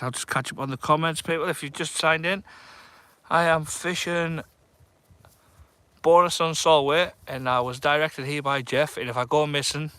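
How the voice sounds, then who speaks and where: A fishing vlogger streams live from a dark shore at night, his phone or camera on a tripod, chatting casually with viewers. His voice is on the high side and sharp, with no room sound, and he reads their comments in a nervous, jokey manner.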